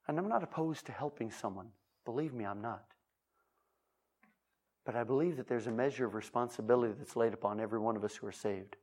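A man's voice: medium pitch, brisk, darkish tone. A man preaching a sermon as pastor, emphatic and repeating his key phrases.

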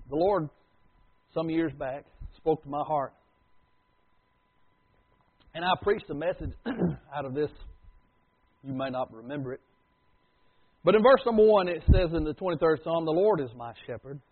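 A husky, slightly high-voiced man preaches, swinging between booming declarations and near-whispered asides. The sound is thin and tinny, like a phone line. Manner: dramatic swings from loud to hushed. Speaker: pastor. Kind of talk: sermon.

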